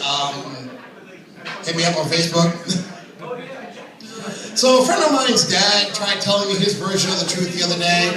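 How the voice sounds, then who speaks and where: A young man doing open mic stand-up comedy, telling self-deprecating stories with chatty asides. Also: high voice. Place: small comedy venue with audience. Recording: echoey room recorded from far off.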